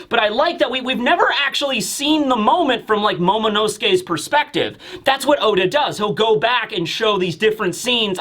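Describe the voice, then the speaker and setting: Bright-voiced, high-pitched man reviewing. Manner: excitable, acts out scenes in voices. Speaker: host. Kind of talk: casual manga chapter review.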